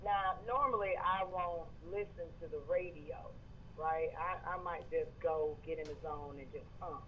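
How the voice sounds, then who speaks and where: A man's voice: fairly high pitch, moderate pace, muffled recording, slight background noise. A man from Georgia with a Southern accent, calling into a show and chatting in a friendly, rambling way. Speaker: caller. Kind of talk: phone-in conversation.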